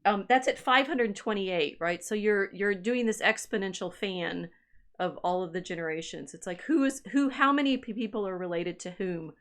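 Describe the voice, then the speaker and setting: A woman's voice: medium pitch, normal speed. A woman historian co-hosting a casual livestream chat, musing aloud as she reads through family records. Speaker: podcast co-host and historian.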